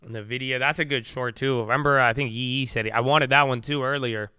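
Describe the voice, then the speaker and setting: A man's voice: mid-range voice, fairly even intonation, fairly quick, pushed and bright, smooth, dry recording, studio quality. A young man chatting casually on a trading livestream, rambling in slang and calling people "bro.".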